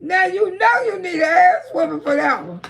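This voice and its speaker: A woman hosting a casual livestream, talking loudly with frequent laughter and cursing while telling stories to her viewers. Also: very high-pitched, animated, moderate pace, vocal fry. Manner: loud, laughing, storytelling with lots of cursing. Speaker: livestream host.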